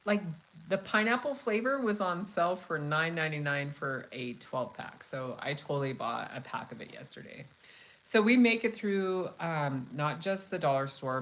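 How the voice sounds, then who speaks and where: A woman hosting a cooking channel, chatting casually and telling a story in a frank, profane, animated way. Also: sits low, low-quality recording. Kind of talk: casual live chat storytelling.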